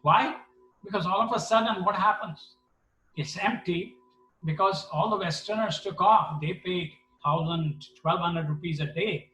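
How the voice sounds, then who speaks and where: A man's voice: high voice, a little slow, slight background noise. A middle-aged man telling a personal story at a devotional gathering, acting out the dialogue. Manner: animated, acts out dialogue. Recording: echoey hall, mic at a distance.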